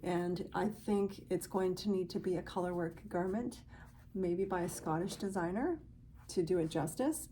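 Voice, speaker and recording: A woman's voice: lowish voice, normal speed, mellow, a little hiss or hum. A woman hosting a knitting podcast, chatting casually to viewers in a gushing, grateful way.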